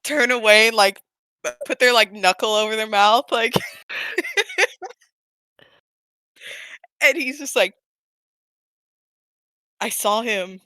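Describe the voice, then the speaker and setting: A woman playing a role-play game, telling what her character does in a halting, giggly way. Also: fairly high pitch, very animated, sharp tone, dry recording, rough recording. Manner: giggly, halting, full of fillers. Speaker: player. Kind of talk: tabletop role-play storytelling.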